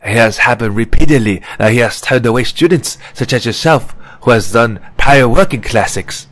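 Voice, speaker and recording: A man's voice: mid-range voice, moderate pace, fairly bright tone, no room sound, voice pushed up, close to an everyday voice. A man doing a fussy gossipy French professor. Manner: confiding, precise and slightly sarcastic. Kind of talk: audiobook character reading.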